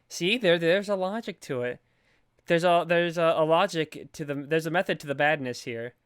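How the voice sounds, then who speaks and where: A man's voice: a little high, moderate pace, clear, resonant tone, no echo, clean studio sound. A man co-hosting a podcast, recapping a movie with goofy sarcasm and silly theories. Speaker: podcast co-host. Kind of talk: casual movie recap chat.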